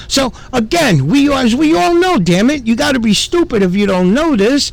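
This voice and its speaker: Man, gravelly voice, higher pitch, indignant profane commentary rant. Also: lively intonation, normal speed, hardly any pauses. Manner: indignant, profane, repeats himself. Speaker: commentary channel host. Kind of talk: ranting commentary.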